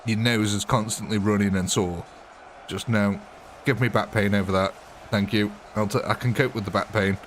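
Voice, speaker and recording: A man with a fairly low voice hosts a live gameplay stream, talking loosely and off the cuff. He rambles between topics, greets viewers by name and breaks into laughs often. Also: fairly even intonation, normal speed, slight background noise. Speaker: game livestreamer.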